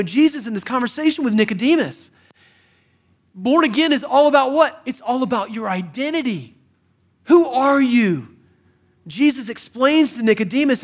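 A man preaching a sermon, swinging between hushed and emphatic delivery. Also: extremely high pitch. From American South. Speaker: pastor.

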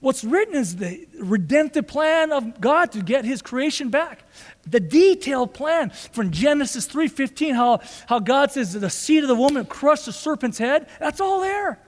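A man's voice: very high voice, big pitch swings, moderate pace. A male pastor preaching a sermon, emphatic and fond of repeated rhetorical questions. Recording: long hall reverb.

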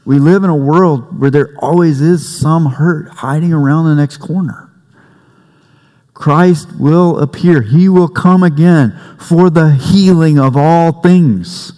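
A man preaching a sermon as pastor, conversational and warm-humored, with family stories. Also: fairly high pitch, a little slow, few pauses. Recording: long reverb in a church hall.

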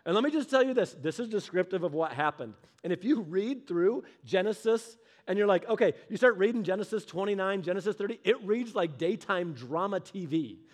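A man preaching a sermon, telling the story in a humorous, conversational way and acting out the characters in quick voices. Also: sits high, animated. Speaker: pastor.

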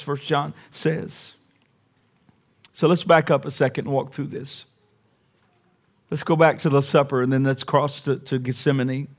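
A man, a pastor, delivering a sermon. He swings from quiet, reflective talk to raised, emphatic repeated lines, with folksy asides. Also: mid-range voice.

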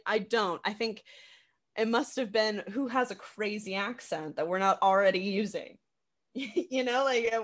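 A woman's voice: lowish voice, a bit bright. A woman talking casually and animatedly about a stage production, laughing often and restarting her sentences, with lots of fillers. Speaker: theater practitioner discussing a production. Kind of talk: casual conversation about a play.

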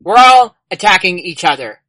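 Woman player at a tabletop game, defensive in-character bickering, bright tense voice, very dry sound. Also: on the low side, big pitch swings, moderate pace, dry recording, poor audio.

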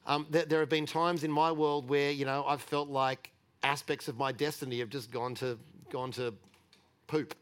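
Male pastor, middle-aged, relaxed conversational sermon, candid and chatty. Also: a little high, moderate pace, clear, resonant tone. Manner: chatty and candid, with frequent restarts and light laughter.

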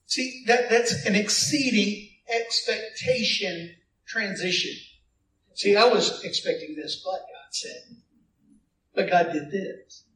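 A man preaching a sermon as pastor, animated, with call-and-response to the congregation and playful asides. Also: high voice, slow pace, reverberant, far from the mic, slight background noise, rough recording.

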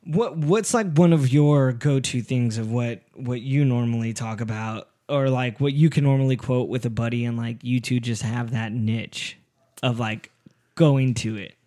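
A man's voice: medium pitch, moderate pace. A young man hosting a casual podcast chat, telling stories animatedly, swearing often and acting out quotes. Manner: animated storyteller, swears a lot, acts out quotes.

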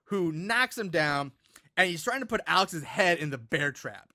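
Podcast co-host, male, bright voice, casual profane movie recap. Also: fairly high pitch, lively intonation, normal speed. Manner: loose, profane plot recap with restarts. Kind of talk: casual chat.

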